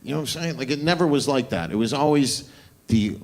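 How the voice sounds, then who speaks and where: A man's voice: mid-range voice, animated, brisk. A man doing a stand-up comedy set on a club stage into a handheld mic, with a crude, mocking, swaggering delivery.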